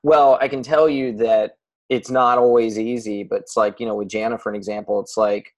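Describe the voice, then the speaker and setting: A man's voice: fairly low pitch, fairly even intonation, normal speed. A man coaching a client on a casual call, blunt and swearing freely, with many restarts.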